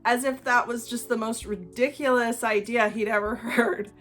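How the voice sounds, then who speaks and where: A woman with a slightly high, fairly bright voice speaks at a moderate pace in a steady tone. She is a channel host in a solo video, explaining things to her viewers in an earnest, conversational way straight to camera.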